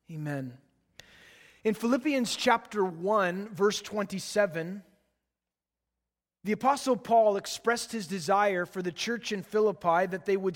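A man in his late thirties, a pastor, preaching a sermon and telling stories in a relaxed, chatty way. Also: high-pitched. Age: late 30s. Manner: relaxed, chatty storytelling with laughs. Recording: long hall reverb.

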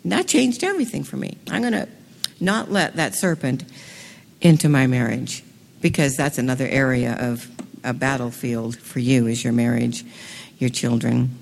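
A woman giving an enthusiastic talk to a women's gathering, moving between hushed, slow passages and excited bursts. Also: very deep voice, creaky. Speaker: speaker at a women's event. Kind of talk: sermon. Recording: long reverb of a hall.

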